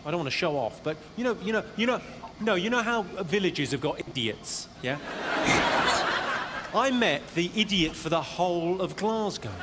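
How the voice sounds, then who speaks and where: A man doing stand-up comedy, trading quick, cutting put-downs with people in the audience at a live show. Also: high-pitched, expressive, very noisy. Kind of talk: stand-up crowd work. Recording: live show recording with loud crowd. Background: loud audience laughter.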